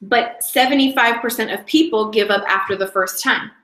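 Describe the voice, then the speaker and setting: A direct sales team leader, a woman, gives a casual training talk, chatty and rambling, often breaking off to restart her sentences. Her voice is fairly high and a bit bright at a normal speed, captured in an echoey room on a low-quality recording.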